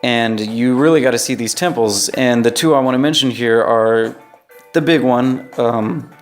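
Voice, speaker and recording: A man's voice: mid-range voice, normal speed, soft background music. An American man giving casual travel recommendations in a loose, conversational way, often checking in with "right?". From United States. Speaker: vlogger.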